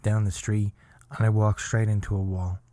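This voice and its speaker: A man from Ireland, telling a comic story as a podcast host in a halting, mock-earnest deadpan with long pauses. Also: fairly low pitch, dry recording.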